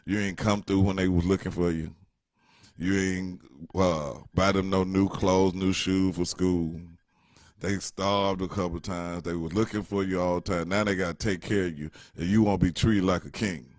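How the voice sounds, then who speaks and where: A man's voice: low-pitched, flat delivery, normal speed, darkish tone, no room sound, clean studio sound. A middle-aged man telling a rambling, joking story in casual slang. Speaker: vlogger.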